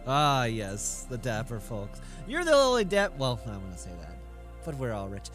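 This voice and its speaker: A man co-hosting a casual chat show, telling a story with restarts and quick laughs. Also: mid-range voice, faint music behind. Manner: lively, stammering restarts. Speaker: podcast co-host.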